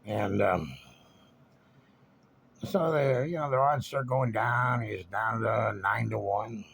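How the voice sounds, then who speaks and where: A man's voice: on the low side, takes it slowly, gravelly, fairly bright tone, slightly rough. A man telling a casual anecdote in a wry, meandering, conversational way. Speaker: storyteller.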